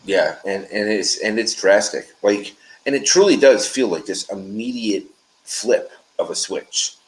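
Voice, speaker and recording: A man speaking as a guest in a casual conversation, emphatic and talking in quick bursts. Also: lowish voice, animated, rough recording.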